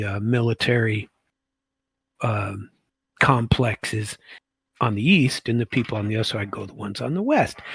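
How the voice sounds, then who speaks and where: A man's voice: mid-range voice, creaky, fairly bright tone, breathy edge, no room sound. A man in his sixties, an army veteran, telling rambling stories casually with chuckles and plenty of fillers. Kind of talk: casual storytelling.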